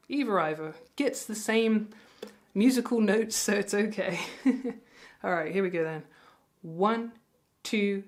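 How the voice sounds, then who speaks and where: A woman teaching ukulele, talking in a friendly, encouraging way and counting beats aloud as she plays. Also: mid-range voice. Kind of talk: music lesson with counting along. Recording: ukulele playing loudly behind. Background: ukulele playing.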